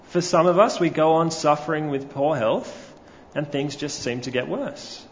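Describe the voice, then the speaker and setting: A man's voice: fairly high pitch, moderate pace, a little hiss or hum. A man preaching a sermon, telling a story and putting questions to his congregation. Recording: lo-fi recording with long hall reverb.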